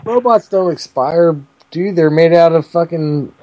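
A man on a prank call who talks slowly and drags out his words. He rambles in a crude, deadpan way, and his voice sits a little high for a man. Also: a little hiss or hum, poor audio. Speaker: prank caller.

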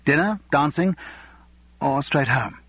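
A man's voice: fairly high pitch, lively intonation, slow, a bit bright, breathy edge, no room sound, dull audio, pitched above the performer's own voice, heavily acted. A man voicing an eager, upbeat young husband in an audiobook.

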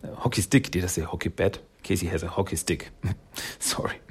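A man with a low, slightly husky voice talks through a cartoon episode in a loose, rambling way. He fills pauses with ums and chuckles as he goes. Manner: rambling, with fillers and frequent chuckles. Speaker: storyteller recapping a cartoon episode. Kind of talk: casual spoken recap.

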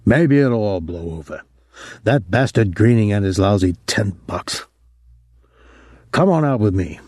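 Gruff middle-aged club trainer, low murmur, blunt street slang, weary, dark dry tone, voiced by a male reader. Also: animated, measured pace, no room sound.

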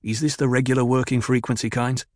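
A man's voice: mid-range voice, flat delivery, fast, no room sound, studio quality, lightly acted. A man voicing Gurney Halleck, a blunt, shrewd soldier who gives orders plainly. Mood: commanding. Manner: blunt, commanding.

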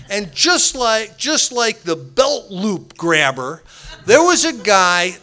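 A man telling his personal recovery story to a group, animated, acting out what people said and laughing often. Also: high-pitched. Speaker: speaker at a recovery meeting.

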